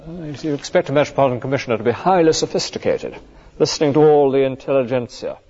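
A man's voice: medium pitch, expressive, quick pace, dark tone, lo-fi sound. A male clergyman giving an earnest, conversational sermon full of rhetorical questions.

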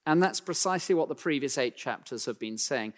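Guy giving a sermon, mid-pitch voice, emphatic, big church reverb. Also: expressive. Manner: emphatic, slows down to read scripture aloud. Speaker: preacher. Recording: long hall reverb.

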